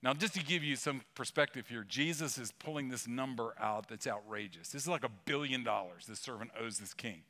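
A male pastor delivering a sermon with a bright, forceful voice. He talks in a conversational way, leaning hard on key words and slipping in humorous asides. His pitch sits in an ordinary middle range for a man. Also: brisk, few pauses.

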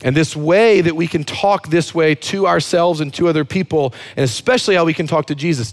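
A man's voice: a little high, a little fast, hardly any pauses. A man preaching a sermon as a pastor, emphatic and fond of repeating words for effect.

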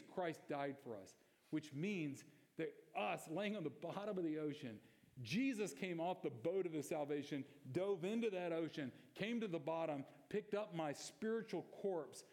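A man's voice: on the high side, a little mellow. Conversational man preaching in a reverberant hall. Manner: conversational and emphatic, with rhetorical questions. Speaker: pastor. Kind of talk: sermon. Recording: long reverb of a church hall.

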